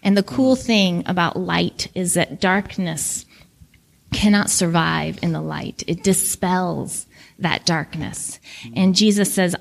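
A woman's voice: lowish voice, fairly even intonation, slow, gravelly. Earnest woman preaching a sermon. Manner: earnest, reflective, quotes scripture. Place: church.

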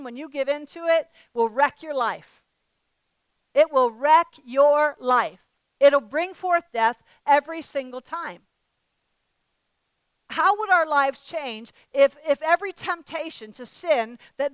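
A woman preaching a sermon, telling a personal story with emphatic repetition and animated acted-out quotes. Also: sits high, clean tone, no echo, rough recording.

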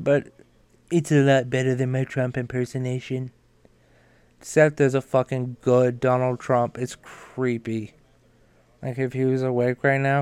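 A man's voice: medium pitch, smooth. A man hosting a podcast, reading news and riffing in a profane, rambling, self-mocking way. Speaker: podcast host. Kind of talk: casual news commentary.

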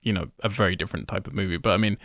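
Brief: gravelly London-accented male co-host who rattles off film credits casually. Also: sits low, steady tone, rapid-fire, fairly bright tone, no room sound. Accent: British, London. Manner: rambling, reeling off film credits with dry laughs. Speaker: podcast co-host. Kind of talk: casual chat.

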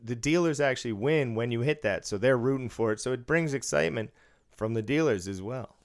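A man co-hosting a casual podcast, swearing freely and speaking bluntly between bursts of laughter. His voice sits at an ordinary middle pitch. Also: brisk. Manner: profane, blunt, laughs often. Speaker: podcast co-host. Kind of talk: casual chat. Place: studio room.

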